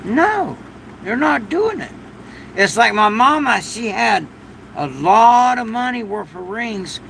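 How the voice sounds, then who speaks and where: An older man with a deeply gravelly, rough voice that sits high for a man and cuts through sharply. He talks slowly and rambles through a casual livestream, breaking into loud thanks for his viewers. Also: sing-song, slight background noise, rough recording. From United States. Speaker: livestream host. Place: shed during a storm.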